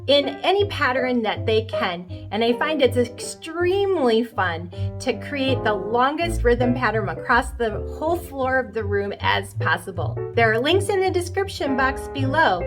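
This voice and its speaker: A woman teaching a rhythm lesson for preschoolers, speaking slowly and clearly in a fairly high voice. She explains each step of the activity patiently. Soft music plays faintly behind her. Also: sing-song. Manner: slow, clear, demonstrating rhythms by chanting. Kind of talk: instructional explanation.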